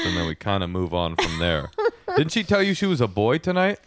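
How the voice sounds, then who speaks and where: Joking man with a lively voice. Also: sits low, fairly quick, background noise. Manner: joking, playfully exaggerated. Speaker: podcast co-host. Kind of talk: casual comedic chat.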